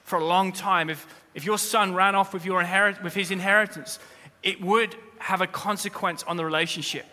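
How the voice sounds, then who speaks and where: A man preaching a sermon as pastor, speaking straight to the congregation with humorous asides, and rising to loud, emphatic peaks. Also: high voice, steady tone, fairly quick. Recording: long reverb of a large hall.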